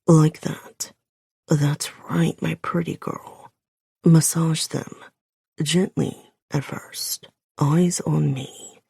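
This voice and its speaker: Woman doing a growling, raspy commanding man. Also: fairly even intonation, warm tone, dry recording, studio quality, heavily acted. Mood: low commanding. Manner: slow, low, commanding.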